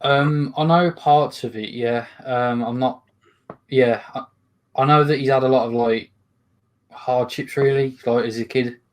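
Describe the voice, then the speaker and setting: A man's voice: mid-range voice, fairly even intonation, unhurried. A man co-hosting a podcast in casual chat, hesitating and searching for words.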